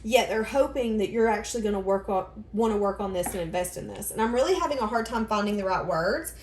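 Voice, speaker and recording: A woman's voice: medium pitch, expressive, quick pace, darkish tone, a little hiss or hum. A woman giving a casual tarot reading, rambling and thinking aloud as she goes. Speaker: tarot reader. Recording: echoey room.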